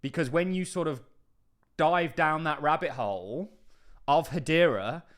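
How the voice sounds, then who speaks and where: A man's voice: on the high side, measured pace, a bit bright. A man hosting a crypto channel, giving casual market commentary in an enthusiastic, emphatic way with frequent offhand asides.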